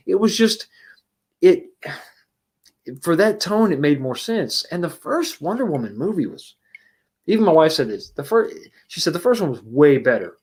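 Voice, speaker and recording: A man giving a casual livestream movie review and answering chat, rambling and exasperated, blunt and profane, with many restarts and rhetorical questions. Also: fairly high pitch.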